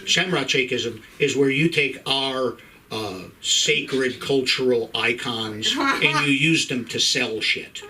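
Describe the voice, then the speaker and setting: A man's voice: medium pitch, slow, sharp tone, distant mic, a little hiss or hum, low-quality recording. A middle-aged man from Ireland doing a profane stand-up set in a comedy club, working the crowd with stammering restarts.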